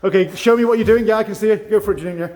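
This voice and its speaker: Karate sensei guy teaching online, highish voice, echoey call audio, lots of "yeah?". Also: very fast, a little mellow. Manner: encouraging, checks understanding with frequent "yeah?". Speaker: karate instructor. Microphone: video call.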